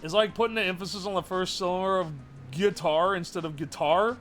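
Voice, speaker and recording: A man's voice: sits high, steady tone, fast talker, a bit bright, soft background music. A man streaming live, chatting casually and profanely as he rambles and answers his chat.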